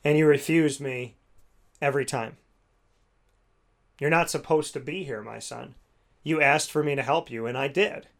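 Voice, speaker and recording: A man voicing God in a story, speaking softly and patiently as he explains. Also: mid-range voice, normal speed, creaky, long pauses. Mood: gentle.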